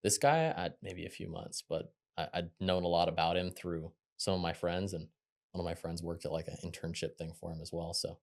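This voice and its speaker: A young man, telling stories from his working life as a podcast guest in a quick, chatty way. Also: low-pitched. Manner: quick, chatty, animated when quoting others. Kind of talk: casual interview storytelling.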